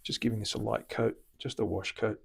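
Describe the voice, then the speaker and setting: A man's voice: fairly low pitch, a little fast, gravelly, husky. A man with an Australian accent, a luthier host chatting casually through a live-stream demonstration in his guitar workshop. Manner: relaxed, chatty, explains while working.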